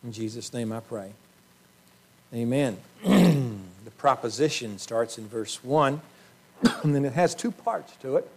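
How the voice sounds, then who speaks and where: A male pastor preaching a sermon to his congregation, earnest, often clearing his throat and asking rhetorical questions. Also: mid-range voice, expressive, slow, pauses often, darkish tone. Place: church sanctuary.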